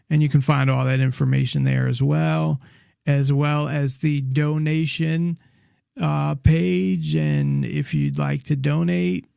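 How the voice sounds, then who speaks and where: A man hosts a call-in talk show, rambling and hesitant as he circles back over his points. His voice is heavily gravelly and he speaks slowly. The sound is close and dry. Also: medium pitch, mellow, no room sound. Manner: rambling, hesitant, restarts often. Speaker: podcast host. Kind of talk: casual political talk show.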